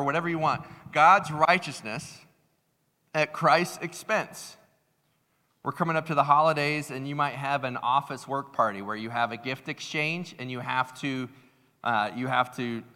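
A man delivers a sermon with a bright, forceful voice that carries. The sound rings with the long reverb of a large hall. He talks in a lively, conversational way and slips into other people's voices when telling a story. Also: mid-range voice. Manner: animated, acts out voices in stories. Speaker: pastor.

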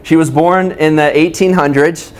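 A man's voice: a little high, steady tone, normal speed. A male pastor preaching a sermon at a church service that is also streamed online, talking conversationally and addressing his listeners directly.

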